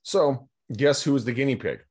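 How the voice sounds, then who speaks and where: A man's voice: medium pitch, normal speed. A middle-aged man from California, a real estate agent, telling rambling anecdotes in a casual podcast interview over a video call. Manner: energetic, chatty, rambling anecdotes with quoted dialogue.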